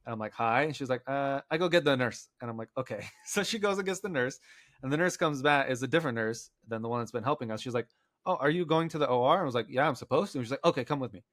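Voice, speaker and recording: A man's voice: medium pitch, lively intonation, fast talker, a bit bright, dry recording, studio quality. Chatty man telling a long story. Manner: rambling, acts out quotes, many "like" fillers. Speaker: podcast co-host. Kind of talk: casual storytelling among friends.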